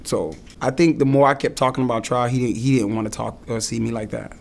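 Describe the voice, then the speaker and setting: A young man earnestly recounting a hard experience in his own words, halting and restarting as he goes. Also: medium pitch, fairly even intonation, vocal fry. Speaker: client giving a testimonial. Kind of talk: emotional personal testimonial.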